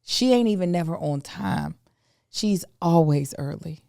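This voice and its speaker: A middle-aged woman co-hosting a casual podcast. She talks in a lively, teasing way, and her voice comes through smooth and clear. The recording is dry and close. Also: lowish voice, unhurried, no echo. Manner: animated, playful teasing. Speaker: podcast co-host. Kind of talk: casual chat.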